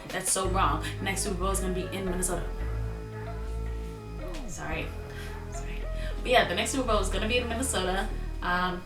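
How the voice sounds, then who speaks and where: A woman's voice: mid-range voice, recorded from a distance. Playful young woman vlogging in a roomy space. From Miami, United States. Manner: playful and jokey, repeats words for emphasis. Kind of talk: casual vlog talk to camera. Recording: roomy echo, a bit off mic, music behind.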